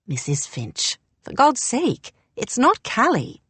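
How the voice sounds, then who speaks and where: A woman's voice: fairly high pitch, wildly swooping pitch, slow, fairly bright tone, husky, no echo, voice pushed up, heavily acted. A woman voicing a young man with a dry, wry way of talking.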